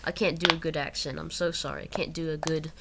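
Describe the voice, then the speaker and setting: A young woman reads an article aloud and keeps breaking into digressive, self-correcting commentary. Her voice sits fairly low for a woman. Loud noise runs under the recording. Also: level tone, fast, vocal fry. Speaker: channel host.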